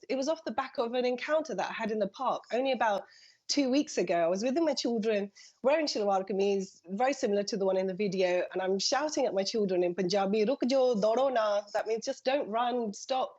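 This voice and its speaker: A woman's voice: a little high, darkish tone, husky, lo-fi sound. A woman in her thirties, a family doctor, telling stories earnestly in a live TV interview and acting out the voices she quotes.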